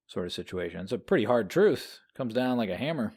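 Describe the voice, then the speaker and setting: A man co-hosting a podcast, talking through a novel in a lively, rambling way. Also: lowish voice, brisk, slightly rough. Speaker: podcast co-host. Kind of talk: casual book discussion.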